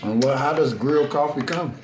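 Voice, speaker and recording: A man chatting casually in a food vlog, teasing and quick with jokes and sudden incredulous outbursts. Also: mid-range voice. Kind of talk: casual chat during a food video. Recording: roomy recording with crowd noise.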